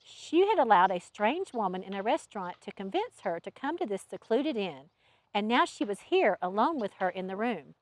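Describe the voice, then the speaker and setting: A woman author reading her own novel aloud in an expressive storytelling manner. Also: medium pitch, normal speed, no room sound. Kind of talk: audiobook narration.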